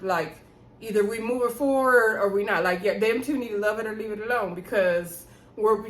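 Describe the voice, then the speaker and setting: A woman recapping a reality show in a sassy, animated way, acting out the quoted lines. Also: medium pitch, roomy sound. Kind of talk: casual recap chat.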